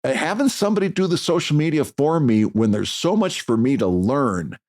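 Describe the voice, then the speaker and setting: A man's voice: a little high, lively intonation, a little fast, a little mellow. A man co-hosting a podcast in casual chat, blunt and emphatic, restarting his sentences often. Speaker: podcast co-host.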